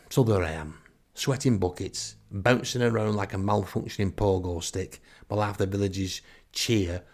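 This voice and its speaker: A man's voice: on the low side, moderate pace. Wry middle-aged Northern English man. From Northern England. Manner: wry, exasperated, deadpan grumbling. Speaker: podcast storyteller. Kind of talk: comic first-person storytelling.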